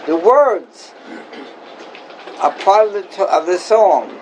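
A man's voice: high-pitched, lively intonation, takes it slowly, darkish tone, a little hiss or hum, rough recording. A man teaching an informal Torah class as a rabbi, questioning and emphatic, repeating his key points.

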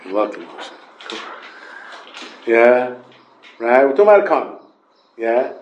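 A man's voice: medium pitch, very animated, unhurried, muffled recording, a little hiss or hum. A man with a Yeshiva English accent teaching an informal Talmud class, mixing Hebrew and Yiddish terms into his English and questioning his students.

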